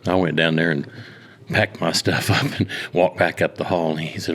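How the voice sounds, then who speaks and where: Deep-voiced older man with an Oklahoma drawl. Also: fairly even intonation, a bit bright. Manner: slow, halting storyteller with many fillers. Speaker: hunting lodge owner, retired law officer. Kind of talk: casual storytelling interview.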